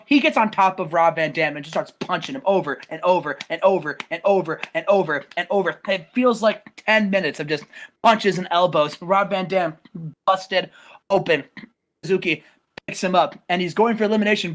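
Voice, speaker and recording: An excitable man tells a match story as casual play-by-play. He rambles, restarts his sentences and keeps switching names, then bursts into loud shouted quotes. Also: high voice, normal speed. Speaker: host recapping a wrestling game simulation.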